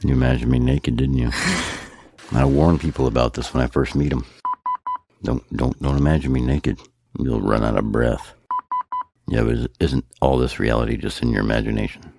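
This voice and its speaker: A man co-hosting a podcast in casual chat, trading deadpan jokes. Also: very deep voice, normal speed, vocal fry, noisy background. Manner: deadpan joking. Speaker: podcast co-host.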